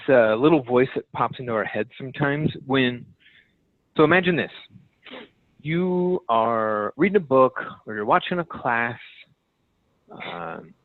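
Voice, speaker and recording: A man's voice: mid-range voice, animated, normal speed, no echo. Man coaching his team over a tinny phone line. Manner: emphatic, direct, repeats key phrases. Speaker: team leader on a sales team call. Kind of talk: motivational coaching talk.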